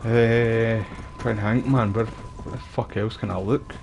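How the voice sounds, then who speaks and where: Chatty Scottish man, low voice. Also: fairly even intonation, unhurried, gravelly, background noise. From Scotland. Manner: rambling, chatty, uses local slang. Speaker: streamer. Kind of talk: casual gameplay chat.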